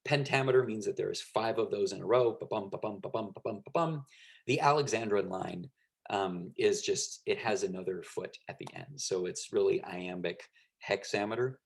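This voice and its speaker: Gravelly man giving a casual lecture. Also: lowish voice, normal speed. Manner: conversational, frequent fillers and "right?" checks. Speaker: teacher.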